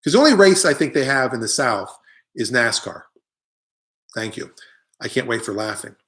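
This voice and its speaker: A man's voice: medium pitch, sing-song, moderate pace, a bit bright. A middle-aged man hosting a live online show, delivering a rambling, opinionated comic monologue with jokey asides while he answers viewer comments.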